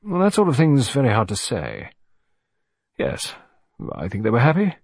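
A man doing a blunt, gruff naval commander. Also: medium pitch, huge pitch swings, moderate pace, darkish tone, no room sound, clean studio sound, exaggerated voice. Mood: musing. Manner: blunt and emphatic. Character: bluff middle-aged naval commander, gruff.

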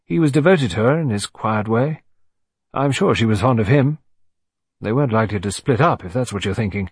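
A man voicing a bluff middle-aged naval commander in an audiobook, talking bluntly and emphatically in a slightly husky voice. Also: medium pitch, animated, a little fast, dry recording, studio quality. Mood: musing.

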